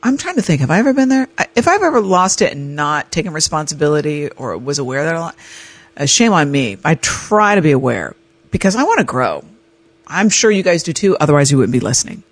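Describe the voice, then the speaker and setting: A woman's voice: low-pitched, sing-song, fairly quick, no room sound. A woman hosting a podcast who tells a personal story in a storytelling monologue and acts out the other people's lines in quoted voices. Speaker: podcast host.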